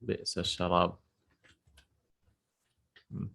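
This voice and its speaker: In a relaxed spoken lesson, a man teaches Arabic vocabulary, thinking aloud with hums and repetitions and reciting verses quickly. His voice sits low and has vocal fry.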